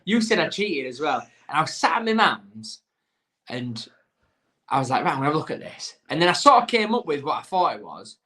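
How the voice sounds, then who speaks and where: A man chats loosely with a friend on a podcast. He laughs a lot as he tells stories. His voice sits fairly high for a man and swings widely up and down. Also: very animated, a little fast, bright, forceful tone. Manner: chatty, laughing, storytelling. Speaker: podcast co-host. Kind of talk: casual chat.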